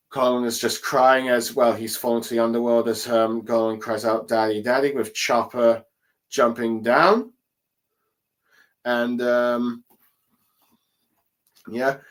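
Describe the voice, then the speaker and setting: A man talks through a comic chapter at a middling pitch, often stopping to gather his thoughts mid-sentence. He sounds like someone streaming from a desk mic. His tone stays casual and unpolished. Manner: hesitant, many fillers and pauses. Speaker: manga chapter reviewer. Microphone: desk mic at a streaming setup.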